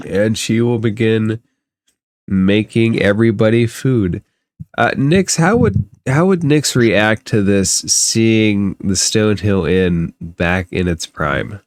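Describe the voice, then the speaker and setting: A man's voice: on the low side, slow, no room sound, studio quality. A man narrating a tabletop game as game master, easygoing and descriptive.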